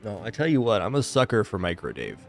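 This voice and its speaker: Male streamer, somewhat low voice, casual thinking-aloud commentary, faint music underneath. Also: huge pitch swings, quick pace, gravelly. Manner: thinks aloud, weighing choices.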